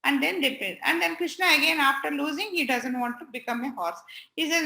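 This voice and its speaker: A woman tells a devotional story to a group of children in a high, ringing voice. She slips into each figure's lines with lively expression. The room around her echoes. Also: fairly quick, creaky. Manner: animated, voices the figures' dialogue.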